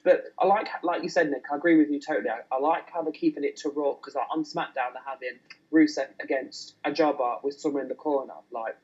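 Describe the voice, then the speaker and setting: A man co-hosting a casual wrestling podcast, excitable and stumbling over his words. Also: on the high side, quick pace, slightly rough, highs cut off. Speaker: podcast co-host.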